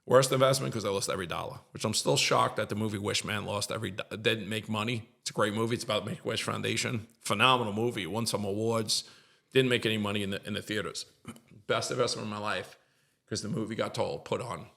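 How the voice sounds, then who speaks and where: A middle-aged man with a gravelly, low voice tells his story on a podcast. He talks earnestly, circles back on his words and sometimes gets choked up. The fry in his voice stays low and steady. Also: quick pace. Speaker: podcast guest. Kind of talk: emotional storytelling in conversation.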